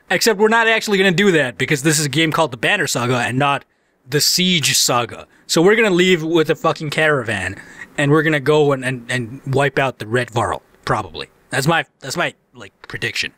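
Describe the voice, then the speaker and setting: A young man commentating a game, excitable and swearing, reading the game text aloud. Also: fairly high pitch, a little fast, no echo. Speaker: gameplay commentator. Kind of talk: let's play commentary.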